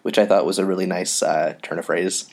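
Very low-voiced, halting man. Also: fairly even intonation, darkish tone. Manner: hesitant, halting, full of "uh" and "um". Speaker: podcast co-host. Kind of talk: casual discussion of a comic.

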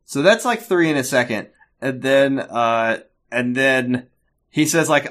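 A man's voice: mid-range voice, a little slow. A man co-hosting a podcast, chatting casually and jokingly as he recaps a TV episode, laughing often and acting out the characters. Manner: animated, jokey, laughs often, acts out characters. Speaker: podcast co-host.

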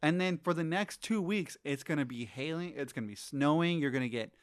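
A relaxed man with a slightly high voice in a casual chat, recorded dry and close. He swears offhandedly and laughs along with his friend. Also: brisk, clear, resonant tone, no room sound.

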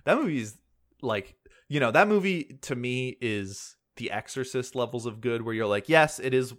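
A man's voice: medium pitch, expressive, normal speed. A man co-hosting a casual film podcast, rambling and wry, swearing casually as he talks. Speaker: podcast co-host.

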